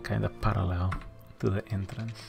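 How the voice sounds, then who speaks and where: A let's-play commentator thinking aloud while building in a game, muttering to themself and sometimes dropping to a soft near-whisper. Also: deep voice, little pitch movement, normal speed, creaky, music in the background. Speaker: gameplay commentator.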